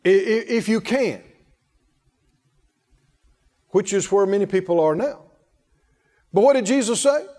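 A man's voice: high-pitched, lively intonation, a little slow, long pauses, mellow, big-room sound. A man preaching a sermon with emphasis, calling on the congregation to answer him. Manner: emphatic, calls on the congregation to respond.

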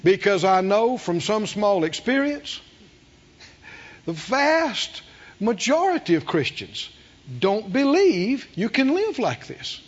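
A male pastor preaches slowly and emphatically, his high voice rising and falling widely as he poses rhetorical questions to the congregation. The recording sounds muffled, with a long reverb from the church hall. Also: husky. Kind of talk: sermon.

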